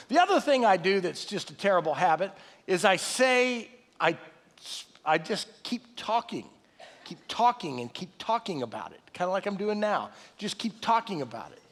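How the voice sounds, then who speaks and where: A man in his late fifties preaching a sermon in a folksy, animated way with self-deprecating asides. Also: high-pitched, a little fast. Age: 50s. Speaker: pastor. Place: large church hall. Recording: live sermon with long hall reverb.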